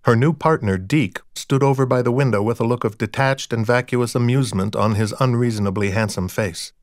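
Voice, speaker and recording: A man narrating a first-person audiobook in a dry, wry, deadpan manner. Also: mid-range voice, a little fast, no echo.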